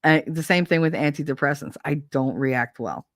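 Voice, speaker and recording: Lower-pitched woman telling rambling stories. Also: normal speed, dry recording, clean studio sound. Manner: rambling and animated, swears freely, laughs often. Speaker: streamer. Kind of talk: casual storytelling chat. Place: home streaming setup.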